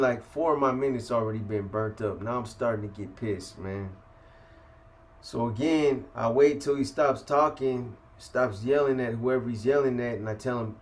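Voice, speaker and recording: A man from San Francisco telling a prison story in casual, profane street slang, full of "you know" and "man". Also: mid-range voice. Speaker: host telling prison stories.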